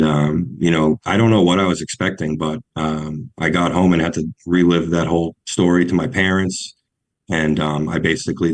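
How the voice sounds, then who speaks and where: A young man with a New England accent telling his recovery story on a podcast, halting and full of restarts. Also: sits low. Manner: halting, many ums and restarts.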